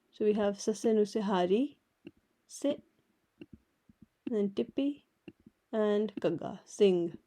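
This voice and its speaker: A woman teaching a writing lesson, patiently explaining each letter and repeating words slowly. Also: mid-range voice, warm tone. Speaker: language teacher. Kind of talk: slow step-by-step alphabet lesson.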